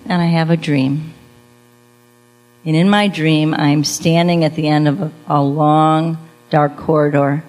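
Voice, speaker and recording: A woman's voice: deep voice, low-quality recording. Woman telling her testimony over mains hum. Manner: storytelling with acted-out quotes and light laughs. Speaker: speaker giving a testimony. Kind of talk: personal testimony talk.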